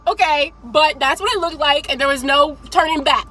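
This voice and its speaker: Bright, high-voiced young woman vlogger. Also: normal speed, low-quality recording. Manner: animated, profane, laughs often. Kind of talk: casual storytelling to camera.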